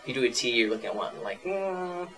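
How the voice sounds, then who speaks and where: A man's voice: medium pitch, big pitch swings, fast talker, fairly bright tone, low-quality recording. A male host with a mid-range voice leads a casual interview. He asks long, curious follow-up questions that probe for detail.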